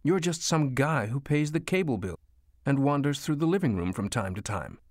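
Sharp-tongued old mom nagging her grown son, voice pushed up higher, dry close sound, a guy reading her part. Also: expressive, moderate pace, no echo, natural voice. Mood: insistent. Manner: scolding, insistent, lecturing. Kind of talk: audiobook character voice.

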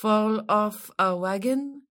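A woman's voice: medium pitch, slow, a bit bright. A woman with a Spanish accent playing a cold, elegant museum curator in her thirties, speaking in a cool, formal, cutting manner in a staged play reading. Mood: sardonic.

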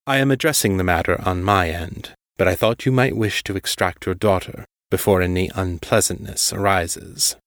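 A man voicing a deep, cultured crime lord on the phone. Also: no room sound, studio quality. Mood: coolly controlled. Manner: calm, carefully controlled, slow.

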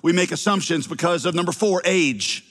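A man's voice: high-pitched, normal speed, fairly bright tone, long reverb tail. A middle-aged male pastor with a slight Southern accent, preaching a sermon with wry, teasing asides to the congregation.

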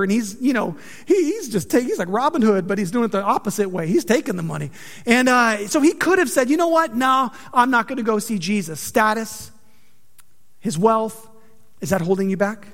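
Pastor guy preaching, talks high, joking around, echo of a big hall. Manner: conversational, joking, animated preaching. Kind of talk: sermon.

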